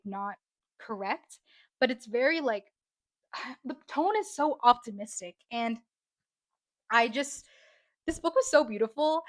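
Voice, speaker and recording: A woman's voice: fairly high pitch, no room sound. Chatty young woman gushing about books. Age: young adult. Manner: chatty, gushing, many fillers. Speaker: book vlogger. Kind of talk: casual book review.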